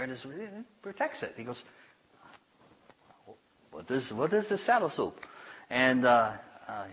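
A man tells a church congregation a personal story as a sermon, chatty and amused at himself, letting his voice sink low and quiet on the heartfelt moments. His voice sits at an ordinary middle pitch. The recording is dull and lo-fi. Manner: chatty, self-amused, drops to a hush for tender lines. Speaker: preacher. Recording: dull lo-fi sound.

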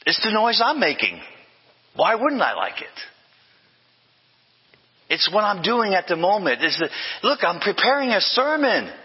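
Older male pastor, emphatic sermon delivery with refrains; husky tone, muffled hall recording. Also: high voice, huge pitch swings, unhurried, pauses often. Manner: emphatic, with repeated refrains and self-corrections.

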